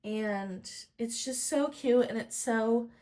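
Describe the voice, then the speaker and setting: A woman making a casual crafting vlog, speaking in a soft, heartfelt, rambling way. She sounds tearful and close to crying. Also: on the high side, slow pace. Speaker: crafting YouTuber.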